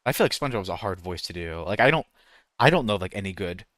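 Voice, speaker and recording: A man's voice: low voice, lively intonation, fast talker, fairly bright tone, no echo, clean studio sound. A man streaming a game and chatting casually, rambling and breaking off to try voice impressions. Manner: rambling, self-interrupting, tries out voice impressions. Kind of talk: casual gaming stream chat.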